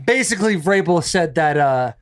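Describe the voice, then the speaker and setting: Young dude rolling into the pod all out of breath, jokey, kinda high voice. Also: male voice, moderate pace, a crowd in the background. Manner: joking, animated storyteller. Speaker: podcast co-host. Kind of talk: casual chat.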